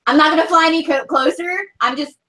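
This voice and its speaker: A woman playing a tabletop game, asking quick, hesitant questions. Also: sits high, fairly even intonation, sharp tone, poor audio. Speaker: player. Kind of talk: tabletop role-play chat.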